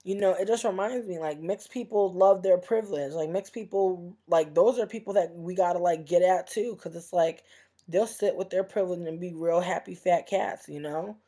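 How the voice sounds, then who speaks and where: A woman's voice: on the low side, normal speed, mellow. A young woman vlogging in a casual livestream rant, heated and profane, rambling with lots of fillers.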